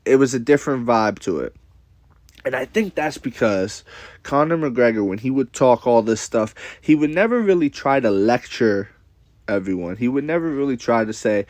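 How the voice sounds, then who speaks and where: A man's voice: mid-range voice, animated, normal speed, a little mellow, no echo. A man ranting casually to camera with a blunt, profane, rambling manner, repeating himself. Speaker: commentator.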